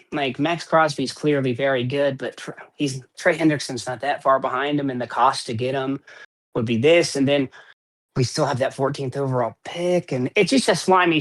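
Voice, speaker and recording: A man co-hosting a casual sports podcast, rambling and opinionated with plenty of swearing. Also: mid-range voice. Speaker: podcast co-host.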